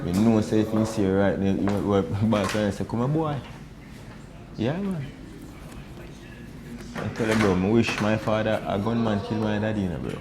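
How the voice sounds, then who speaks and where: A Jamaican man talks quietly and consolingly in heavy patois. His voice sits low and he keeps calling the listener "youth" and "bro". Faint background noise sits under the conversation. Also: moderate pace, long pauses. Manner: soft, consoling patois, often ending lines with "youth" and "bro". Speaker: mourner. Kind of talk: consoling heart-to-heart chat.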